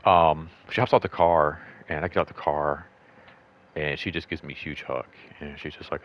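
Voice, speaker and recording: Low-voiced man rambling through a story. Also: steady tone, normal speed. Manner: rambling, lots of fillers and "like"; acts out quoted voices in higher pitch. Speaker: host. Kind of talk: casual storytelling vlog.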